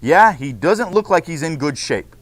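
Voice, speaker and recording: A man's voice: a little high, expressive, moderate pace. A man voicing an eager male field reporter at a crime scene.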